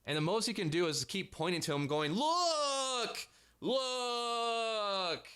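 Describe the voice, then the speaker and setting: A man's voice: on the high side, quick pace, fairly bright tone. A man delivering a sarcastic, profanity-heavy commentary rant as a vlogger.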